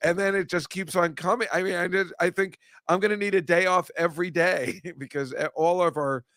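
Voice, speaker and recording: A man's voice: high-pitched, steady tone, brisk, fairly bright tone, no room sound, clean studio sound. A man chatting casually as a comedian co-host, rambling and joking, laughing often. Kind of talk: casual chat on a live-streamed show.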